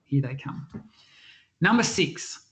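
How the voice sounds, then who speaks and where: A man's voice: mid-range voice, slow. A man giving a motivational health talk, telling stories and acting out the voices of people in them. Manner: animated storyteller, acts out quoted voices. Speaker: health speaker. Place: church health event.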